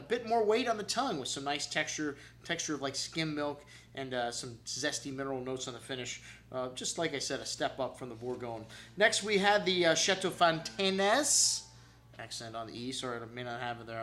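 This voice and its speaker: A man's voice: a little high, sharp tone. A man hosting a wine show, rattling off casual, enthusiastic tasting notes with frequent fillers. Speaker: wine shop host.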